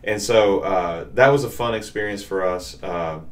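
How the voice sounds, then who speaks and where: A Southern man in his forties with a very deep voice tells stories with a relaxed, drawling warmth. He is a pastor chatting on a podcast, animated and easygoing, with a strong low register. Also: moderate pace. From Southern US, Nashville. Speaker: pastor, co-host. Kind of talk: casual chat, storytelling.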